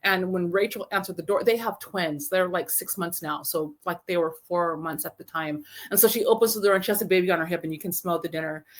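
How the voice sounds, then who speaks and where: A woman, a film festival founder, telling stories in a casual interview, rambling and animated with many fillers. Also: on the low side, fast talker, few pauses.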